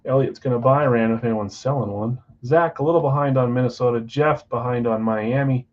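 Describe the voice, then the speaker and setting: This casual card-break host, an easygoing married adult, chats through a list of names and teams on a livestream from his basement card room. He talks a little fast in a mid-range voice, and the stream audio is slightly muffled.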